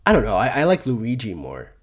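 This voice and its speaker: A man's voice: medium pitch, huge pitch swings, a little fast. A man co-hosting a casual podcast chat, rambling and stammering a lot, often mocking himself. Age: adult, older than before. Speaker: podcast co-host.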